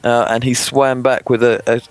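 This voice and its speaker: Male co-host, mid pitch, halting delivery with fillers, dry studio sound. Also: flat delivery, no echo. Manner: halting, many fillers, laughs mid-sentence. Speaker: podcast co-host. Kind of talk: casual podcast chat.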